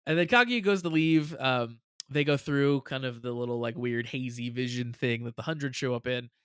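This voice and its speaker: A man co-hosting a casual reaction podcast, chatty and quick to laugh as he recaps episodes. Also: mid-range voice, clear, resonant tone, no echo, studio quality. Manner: chatty, laughs often, animated retelling. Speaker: podcast co-host.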